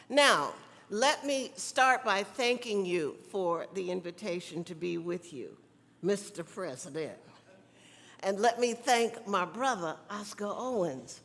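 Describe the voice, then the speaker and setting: In a large convention hall full of long reverb, a Southern-accented speaker from South Carolina chats and teases her audience, calling out to them in folksy style. Her voice is medium-pitched with a fairly bright tone.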